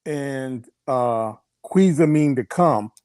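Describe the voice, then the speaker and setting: A male student speaks very slowly in a dry, close sound. He stops and starts constantly and fills his answers with ums and uhs. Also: medium pitch, lively intonation, a little mellow, clear, resonant tone, no echo. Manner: halting, full of fillers.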